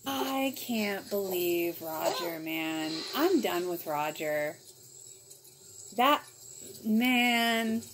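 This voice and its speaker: A woman hosting a TV reaction video, talking back to the screen in an expressive, exclaiming way. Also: mid-range voice, extremely slow, slight background noise. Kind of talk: casual TV reaction commentary. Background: TV episode audio playing.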